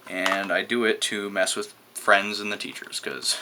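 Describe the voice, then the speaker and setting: A man's voice: lowish voice, fairly even intonation, slow, background noise. A teenage boy from New Mexico, rambling and hesitant in a casual show-and-tell vlog, swearing freely and using loose slang. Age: teens. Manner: rambling, crude, hesitant with many fillers. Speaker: vlogger showing a gadget.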